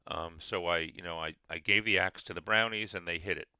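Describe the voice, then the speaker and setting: A man voicing a gentle female dryad in a tabletop game, earnestly explaining herself. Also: low voice, fairly even intonation, a little fast, smooth, no echo, full character voice. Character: gentle female dryad protecting her tree.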